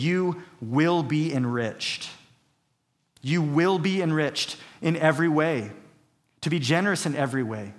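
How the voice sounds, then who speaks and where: A male pastor preaching a sermon, emphatic and repetitive, reading scripture aloud between points. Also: mid-range voice. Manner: emphatic preaching, repeats key phrases, reads scripture aloud.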